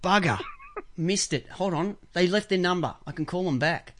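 A high-pitched Australian man runs a casual talk show. He tells crude, rambling stories and often bursts out loudly. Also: animated, slow pace, slight background noise. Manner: crude, rambling anecdotes with loud outbursts. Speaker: podcast host. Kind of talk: casual call-in show chat.

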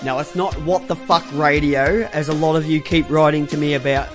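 Australian male radio host, middle-aged, rambling and profane, high voice, faint music under him. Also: fairly even intonation, brisk. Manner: rambling, swearing, with many fillers and restarts. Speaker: radio talk show host. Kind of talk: casual radio talk.

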